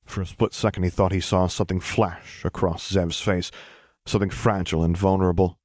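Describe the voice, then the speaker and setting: A man narrating fan fiction in an even, measured reading. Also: deep voice, no room sound, clean studio sound. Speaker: audiobook narrator.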